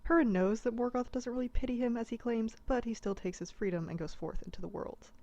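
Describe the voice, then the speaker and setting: A woman's voice: on the high side, brisk, mellow, highs cut off. A woman narrating a comedic abridged retelling in a casual, irreverent way.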